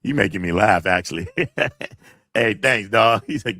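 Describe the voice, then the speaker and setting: A man's voice: on the low side, takes it slowly, pushed and bright, slightly rough, no echo, studio quality. A man hosting a livestream, reading chat comments and venting emphatically, with plenty of profanity. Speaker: college teacher and livestream host.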